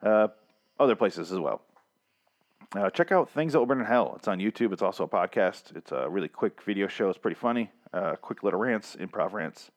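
A man hosting a podcast alone, talking in a casual, rambling, jokey and profane way with a hoarse, strained voice. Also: fairly low pitch, animated, a little fast. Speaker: podcast host. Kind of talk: casual solo podcast talk.

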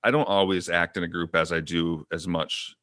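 A man's voice: low-pitched, little pitch movement, moderate pace, a bit bright, no echo, studio quality. A man co-hosting a podcast, telling a rambling story in casual chat, getting worked up and swearing often. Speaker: podcast co-host.

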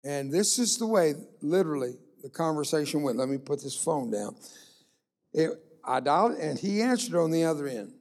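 A man's voice: fairly high pitch, animated, normal speed, a little mellow. A man preaching a sermon, telling a humorous anecdote and acting out the dialogue. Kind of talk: sermon storytelling.

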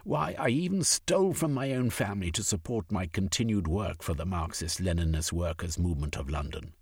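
A man's voice: low-pitched, lively intonation, fairly quick, husky, no room sound, studio quality, heavily acted. A man voicing a passionate young aristocrat turned radical, pleading his case in a storybook reading. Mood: impassioned.

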